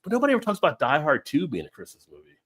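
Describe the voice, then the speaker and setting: This live-stream host talks very fast in a fairly high voice with a breathy edge. Over drinks he chats casually, wandering from topic to topic, laughing a lot and telling stories with plenty of animation.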